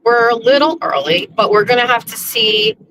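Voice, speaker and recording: A woman's voice: fairly high pitch, animated, moderate pace, noisy background. A woman hosting a casual livestream from her car while driving, chatting in a rambling way with restarts and laughs. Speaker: livestream host. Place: in a car on the road.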